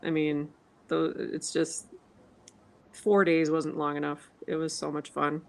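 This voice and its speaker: A woman from Minnesota with a Minnesotan accent, chatting casually on a livestream, snarky and quick to laugh. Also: low-pitched, level tone, vocal fry, low-quality recording. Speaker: livestream co-host. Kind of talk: casual chat.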